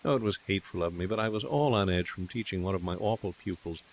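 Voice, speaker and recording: A man reading a quick-tempered young woman artist who taunts sharply and then turns tearful. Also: sits low. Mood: contrite. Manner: teasing, then tearful self-reproach.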